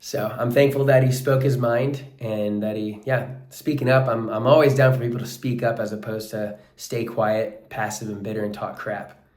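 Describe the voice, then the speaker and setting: A man's voice: fairly low pitch, fairly even intonation, moderate pace, a little mellow, roomy sound. A man talking casually as a coach in a vlog, earnest and full of "like" and "bro", sweaty after a workout. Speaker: wrestling coach and life coach.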